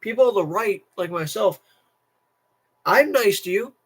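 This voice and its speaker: A tired teenage boy rants to his stream in a rambling, restless way. He keeps circling back, restarting his sentences and repeating himself. His voice sits a bit high for a young man. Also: lively intonation, measured pace, breathy edge. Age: teens. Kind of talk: casual political rant to camera.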